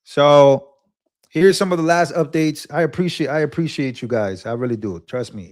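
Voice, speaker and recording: A man's voice: on the high side, moderate pace, darkish tone, dry recording, clean studio sound. Earnest young man rambling on a live stream. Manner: earnest, rambling, repeats himself. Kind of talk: emotional live-stream talk.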